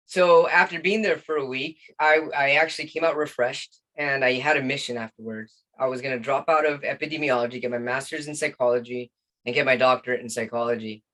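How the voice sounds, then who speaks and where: A man in his forties, a guest telling a painful personal story in an earnest, halting way with many restarts. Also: mid-range voice, fairly bright tone.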